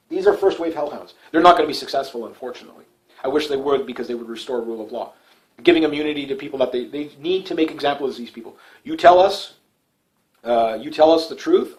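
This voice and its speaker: Rapid, rambling middle-aged man. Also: medium pitch, a little mellow, low-quality recording. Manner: rambling, repetitive, stumbles and restarts. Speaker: political YouTuber. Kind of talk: casual political monologue.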